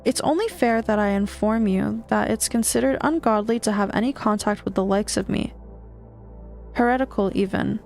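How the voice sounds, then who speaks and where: A woman voicing a sullen, sly male demon bound to a master, grudging and bitter, with some gravel in her voice. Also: medium pitch, normal speed, darkish tone, soft background music, lightly acted. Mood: smug. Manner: bitter, grudging, then smug.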